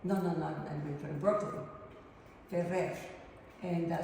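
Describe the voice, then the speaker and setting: A middle-aged woman artist from Mexico with a Mexican Spanish accent, a native Spanish speaker giving a casual, rambling, excitable tour of her home studio and slipping into Spanish. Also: on the low side, normal speed, far from the mic, slight background noise. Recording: echoey room, voice from off-mic, faint ambience.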